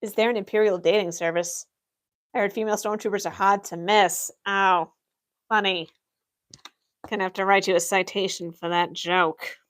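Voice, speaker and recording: Acting as an Imperial office worker, a young woman streamer responds to viewers with dry, matter-of-fact humor in an in-character Q&A. Her mid-range voice is fairly bright, with fairly even intonation, at a normal speed.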